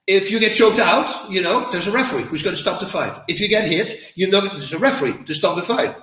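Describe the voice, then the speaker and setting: Emphatic former fighter, bright echoey voice. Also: male voice, high-pitched, brisk, far from the mic. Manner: emphatic, animated storytelling with acted quotes. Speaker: former fighter, interview guest. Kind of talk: interview answers.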